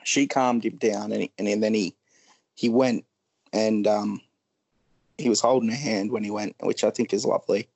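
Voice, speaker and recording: Halting, soft-spoken man telling a sad story. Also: lowish voice, steady tone, vocal fry, no room sound. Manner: halting, frequent ums, pauses. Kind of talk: emotional personal storytelling.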